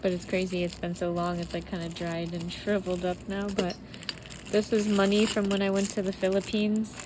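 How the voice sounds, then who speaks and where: A woman talking to her camera at home in a loose, rambling way, her words full of fillers as she goes through old keepsakes. Her voice sits at an ordinary middle pitch, and a faint hiss of room noise stays underneath. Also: completely flat delivery, fairly quick. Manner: rambling and heartfelt, many "like" fillers. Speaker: vlogger. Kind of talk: casual personal vlog. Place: home while sorting belongings.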